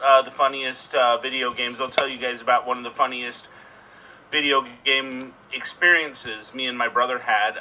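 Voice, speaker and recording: Bright, slightly high male storyteller heard from a distant mic, faint noise behind. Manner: laughing, loose storyteller. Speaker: improv performer. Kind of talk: casual storytelling.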